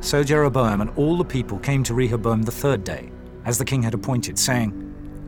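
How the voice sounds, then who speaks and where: Narrator: mid-pitched man, measured formal scripture reading, faint music bed.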